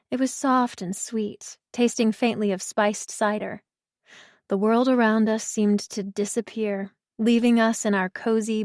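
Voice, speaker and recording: A woman reading a cozy mystery audiobook in the first person, with measured, expressive storytelling. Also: mid-range voice, dry recording, studio quality. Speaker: audiobook narrator.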